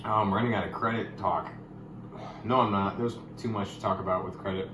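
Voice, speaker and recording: A young man explaining money topics in a casual vlog, goofy and jokey, with sudden loud, excited bursts. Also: fairly low pitch, fairly quick, reverberant, noisy background. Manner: goofy, hyper bursts, calls viewers gamers. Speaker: YouTuber.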